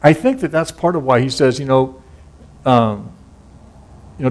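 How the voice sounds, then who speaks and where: A middle-aged man, a pastor, giving a relaxed, conversational sermon full of folksy stories and casual asides. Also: mid-range voice, unhurried, creaky, pauses often.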